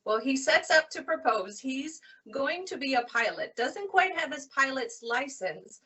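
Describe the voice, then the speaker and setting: A woman librarian chatting casually about books, retelling stories in an animated way. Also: high-pitched, unhurried, far from the mic. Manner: animated retelling, acts out characters' lines. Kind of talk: casual book recommendation chat.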